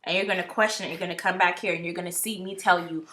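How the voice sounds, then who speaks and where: Bright-voiced woman doing a chatty tarot vlog. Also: on the low side, racing, hardly any pauses. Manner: chatty, blunt, animated, swears. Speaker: tarot reader. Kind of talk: casual tarot reading vlog.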